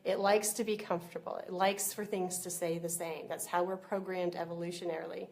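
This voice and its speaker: A woman's voice: fairly low pitch, flat delivery, brisk, a little mellow. A woman business coach giving a casual live-streamed training, chatty and full of fillers like "you know.". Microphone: computer or webcam mic.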